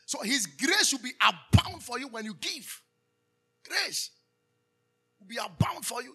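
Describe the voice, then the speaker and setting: A man's voice: extremely high pitch, very animated, measured pace, pauses often, sharp tone, breathy edge. A man with a Ghanaian accent preaching a sermon as pastor, calling out questions for the congregation to answer and slipping into Twi. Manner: preaching with call-and-response questions, switching into Twi.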